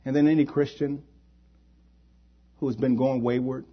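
A man's voice: medium pitch, steady tone, moderate pace, husky, dull audio. A male preacher at a church service, giving an altar call and closing prayer in a pleading, inviting way. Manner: pleading, invites hands raised.

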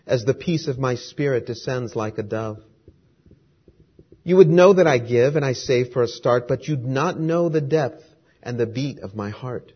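A gentle, fatherly God speaks calmly and tenderly to a weary child, in a man's reading of a poem. The voice is husky and measured. The recording is muffled and lo-fi. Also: mid-range voice. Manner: soft, calm, measured. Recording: dull lo-fi recording.

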